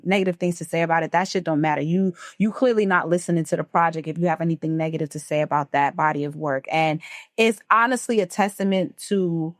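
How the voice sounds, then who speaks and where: A woman's voice: on the low side, no echo, studio quality. A woman talking emphatically and emotionally as a podcast co-host, full of profanity. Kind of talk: casual chat.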